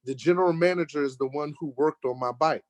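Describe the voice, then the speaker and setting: An American man telling a lively road-trip story in casual conversation, getting worked up when he acts out arguments. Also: a little high, fast talker, no room sound. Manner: animated storyteller, rising sharply when acting out arguments. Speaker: guest telling a travel story. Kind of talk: casual storytelling in an online talk show.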